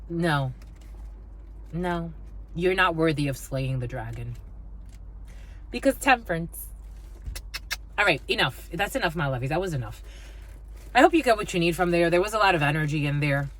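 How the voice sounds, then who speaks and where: A woman's voice: sits low, fairly bright tone. Blunt, profane woman reading tarot. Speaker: tarot reader. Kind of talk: spiritual reading monologue.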